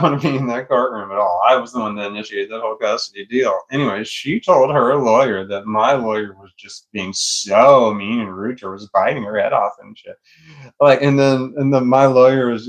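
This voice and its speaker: A man's voice: mid-range voice, moderate pace. A middle-aged man casually telling a long personal story, rambling, swearing freely and laughing often. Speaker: vlogger.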